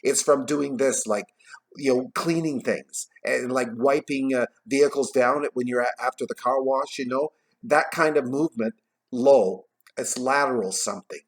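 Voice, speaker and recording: A man casually retelling a classic story in a vlog, tossing in jokey asides and trailing off quietly at the ends of his thoughts. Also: medium pitch, normal speed. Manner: chatty, jokey, adds asides while retelling. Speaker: vlogger reading a classic novel aloud.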